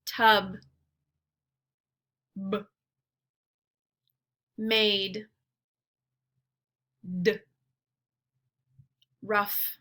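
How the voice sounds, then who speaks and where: A woman teacher leading a phonics drill, saying each word slowly and clearly so it can be repeated back. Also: medium pitch, sharp tone. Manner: slow, clearly enunciated, repeating words. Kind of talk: phonemic awareness drill.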